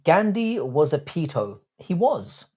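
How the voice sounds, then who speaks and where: A man's voice: on the high side, sing-song, slow pace, mellow, breathy edge. A young man hosting a live stream, reading out viewer comments and answering them with crude, cocky banter and calling himself "your boy". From Britain. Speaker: livestream host.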